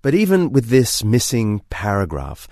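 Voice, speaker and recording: A man's voice: medium pitch, wildly swooping pitch, normal speed, darkish tone, no echo, clean studio sound. A man presenting and narrating a documentary as an enthusiastic, chatty explainer.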